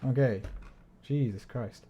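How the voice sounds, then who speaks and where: A man's voice: mid-range voice, takes it slowly, husky, muffled recording. A man chatting casually on a livestream, explaining music theory, humming melodies and swearing when frustrated. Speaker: streamer. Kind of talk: casual livestream chat while gaming.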